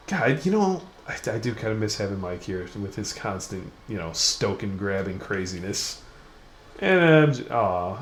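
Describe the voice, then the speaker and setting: A young man hosting a gaming video, rambling through crude, self-mocking commentary while he plays. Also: lowish voice. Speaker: gaming channel host. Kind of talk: casual let's-play commentary. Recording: echoey room with faint noise.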